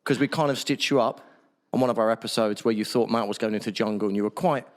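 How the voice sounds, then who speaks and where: A man's voice: fairly low pitch, quick pace. A man hosting a podcast, introducing his guests and teasing them in an upbeat way. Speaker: podcast host. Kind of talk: casual chat.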